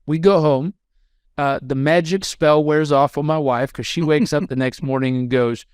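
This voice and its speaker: A man in his thirties, a podcast guest telling a story in an animated way and acting out the voices of the people in it. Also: medium pitch, moderate pace, smooth, dry recording, clean studio sound.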